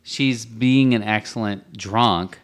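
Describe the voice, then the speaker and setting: Co-host, middle pitch, easy back-and-forth chatter, frequent quick agreement. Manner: quick agreeing interjections, chiming in. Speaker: podcast co-host. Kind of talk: casual chat recapping a TV episode.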